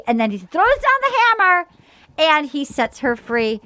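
A high-pitched woman hosts a casual chat, her voice swooping up and down as she retells events and slips into voices for the people involved. The sound is close and dry. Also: measured pace, no room sound. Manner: animated, acts out quotes in voices. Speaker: podcast host.

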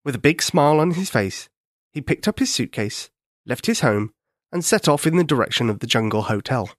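A man narrating a children's story in a gentle, expressive way. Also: mid-range voice, brisk, no echo, clean studio sound.

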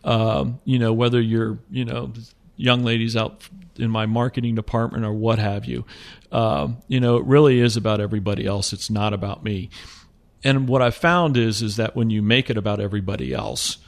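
A man with a low, gravelly voice speaks as a chief executive in a relaxed interview. He rambles easily, filling his sentences with "you know" and restarts. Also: moderate pace. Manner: relaxed, rambling with many fillers. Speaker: company CEO. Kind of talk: casual interview talk.

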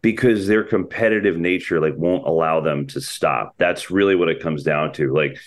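A man's voice: a bass voice, moderate pace. A man who works as a sports broadcaster, chatting casually on a podcast in a loose, rambling way, full of restarts and slang.

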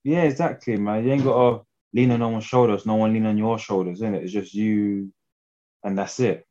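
Laid-back English man, low voice. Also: fairly even intonation, normal speed, warm tone, highs cut off. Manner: laid-back, laughing, slangy. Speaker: guest fighter. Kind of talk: casual interview chat.

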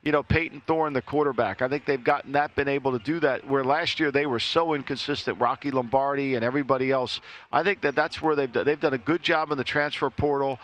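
A man's voice: mid-range voice, steady tone, fast talker, a bit bright, highs cut off. A man giving college football betting picks on a talk show, hedging and often repeating words as he starts a thought.

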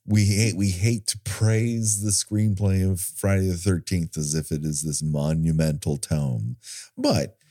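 A man's voice: low voice, dry recording, studio quality. A man from California co-hosting a casual movie commentary podcast, joking and sarcastic. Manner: joking, animated, sarcastic asides. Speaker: podcast co-host.

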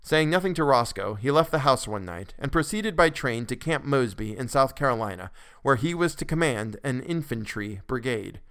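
A man narrating a classic story for a podcast in a measured way, with occasional restarts. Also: medium pitch, expressive, fairly bright tone, clean tone.

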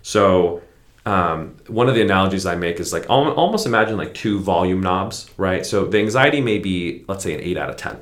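A man, a clinical psychologist guest, explaining therapy ideas in a relaxed conversational way and often checking in with "right?". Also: deep voice, brisk. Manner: explanatory, frequent "right?" tag questions. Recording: roomy echo.

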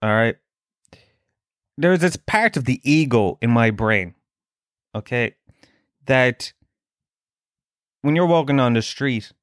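A man's voice: medium pitch, lively intonation, takes it slowly, pauses often, fairly bright tone, dry recording, studio quality. A middle-aged Irish man from Dublin hosting a podcast, telling self-mocking comic stories full of swearing. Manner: sweary, self-mocking storytelling with put-on voices. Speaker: podcast host. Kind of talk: comic monologue.

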